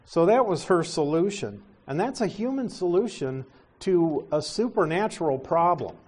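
A middle-aged male pastor teaching a sermon, explaining scripture with gentle asides. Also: fairly high pitch, lively intonation, normal speed.

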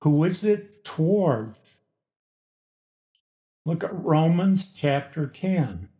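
A male pastor teaches through scripture in a slow, measured cadence, leaning hard on key words. His pitch sits a little high and swings widely as he stresses each point. The sound carries the echo of a large room. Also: big pitch swings, mellow. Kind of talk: expository sermon.

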